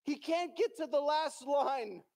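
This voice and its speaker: A man's voice: very high-pitched, a little slow, vocal fry, darkish tone. A male pastor preaching a sermon in a church, telling a story dramatically and acting out the characters' lines.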